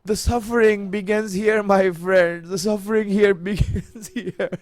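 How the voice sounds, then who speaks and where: High-voiced man preaching an emotional sermon. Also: steady tone, unhurried, no room sound. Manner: emotional, rising to near-shouts, repeats phrases.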